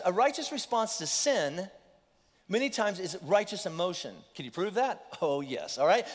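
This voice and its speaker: A man preaching a sermon as pastor, animated and conversational, with lively asides to the congregation. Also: high voice. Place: church auditorium. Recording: long hall reverb.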